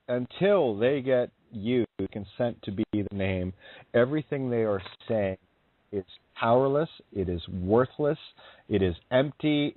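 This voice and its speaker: A man's voice: medium pitch, dry recording. A man co-hosting a call-in radio show, speaking bluntly and emphatically. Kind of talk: casual radio call-in chat. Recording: tinny phone line, dry.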